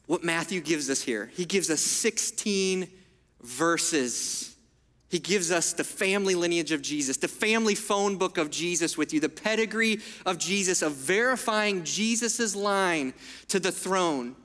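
A man preaching in a church sanctuary, his voice high and bright as it rings through a hall with a long reverb. He keeps it conversational and checks in with the listeners often. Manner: conversational, asks the room for agreement. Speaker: pastor. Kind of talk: sermon.

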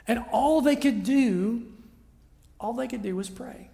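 Preaching in a big hall with long reverb, this pastor has an extremely high, creaky voice with a warm tone and a slow pace. His sermon is conversational and chatty, and he often checks in by asking the audience "right?"

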